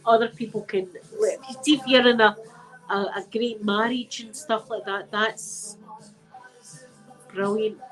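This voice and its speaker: A middle-aged Scottish woman talks to her viewers in a loose, emphatic way, repeating her phrases for weight. She has a cold, and her voice sits at an ordinary pitch for a woman. Soft music plays faintly behind her. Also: steady tone, unhurried, pauses often, low-quality recording. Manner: chatty and emphatic, repeats phrases, uses local words like wee and dead. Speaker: channel host talking to viewers. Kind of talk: casual chat with live viewers.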